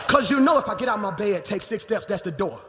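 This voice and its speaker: A pastor in his forties preaching a sermon in a church sanctuary, moving between quiet teaching and shouted emphasis. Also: sits high, very animated, fast talker, over music. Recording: live church hall reverb, faint noise.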